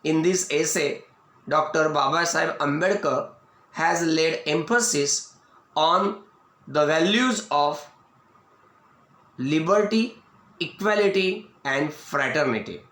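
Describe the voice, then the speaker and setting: A man with an Indian English accent teaches a lesson in a video lecture, speaking slowly and deliberately and repeating each point. His voice sits fairly high. The recording rings with the echo of a roomy space. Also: fairly bright tone. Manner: slow, repetitive explaining, restating each point. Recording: echoey room.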